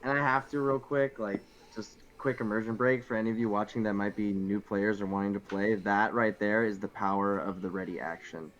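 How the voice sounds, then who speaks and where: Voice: deep voice, brisk, hardly any pauses, highs cut off. A tabletop game player chatting with enthusiasm about a great move. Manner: enthusiastic, animated. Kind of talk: casual chat.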